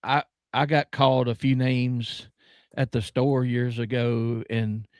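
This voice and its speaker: A man with a Southern US accent talking as a guest in an easygoing chat. He rambles and leans on filler words, yet enunciates deliberately. His voice sits mid-pitch and sounds dry and close. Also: level tone, darkish tone, no room sound. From American South. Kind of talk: casual chat.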